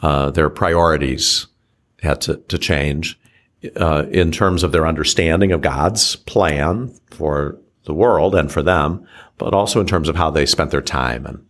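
Very deep-voiced archbishop. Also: male voice, a bit bright. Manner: slow, measured and halting, with frequent restarts. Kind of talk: reflective teaching conversation.

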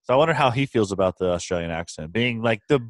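Male co-host, lowish voice, swings a lot in pitch, dry close sound. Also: quick pace, no echo. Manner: relaxed, joking banter. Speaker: co-host, disc golf shop owner. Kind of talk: casual podcast chat.

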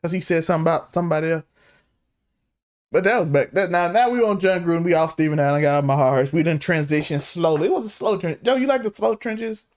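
A man's voice: fairly high pitch, quick pace. A man co-hosting a casual sports podcast, bantering and joking playfully. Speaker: podcast co-host.

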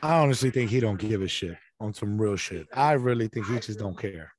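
A man's voice: on the low side, animated, a little fast. A man in a casual podcast chat, ranting bluntly with lots of swearing. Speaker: podcast co-host.

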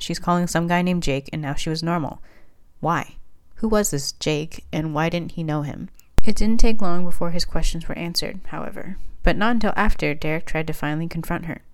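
A woman reading a fan-written story aloud in a steady, plain narrating voice. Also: fairly low pitch, fairly quick. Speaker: fanfiction reader.

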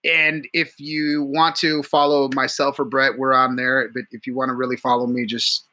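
A man's voice: mid-range voice, level tone, normal speed, pushed and bright. A man co-hosting a casual podcast, telling profane stories and laughing often. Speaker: podcast co-host. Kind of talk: casual crude podcast banter.

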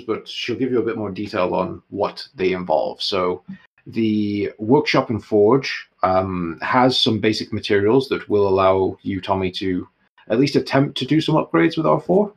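Man, very deep and gravelly, easygoing game master reading out rules. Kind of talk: running a tabletop game, explaining rules.

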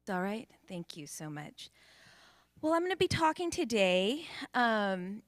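A woman from the United States, a guest preacher giving a conversational sermon in a church, chatty and informal with frequent ums and quick asides. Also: mid-range voice, very animated. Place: church sanctuary with a congregation, also streamed to Zoom.

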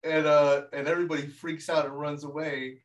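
A man co-hosting a casual podcast, excitedly retelling film scenes with lots of fillers and acted-out quotes. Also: fairly high pitch, fairly quick. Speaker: podcast co-host. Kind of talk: casual film rewatch chat.

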